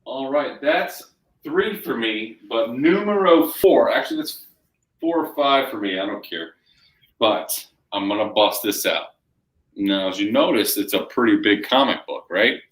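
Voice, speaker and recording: A man co-hosting a live shopping show, pitching comic books with hyped, emphatic salesman patter. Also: animated, a little slow, a bit bright. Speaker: co-host selling comics.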